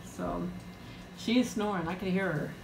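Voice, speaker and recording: A woman's voice: on the low side, moderate pace, creaky, roomy sound, background noise. A woman hosting a casual live-chat eating stream from home, talking in a rambling way and laughing often. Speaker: livestream host.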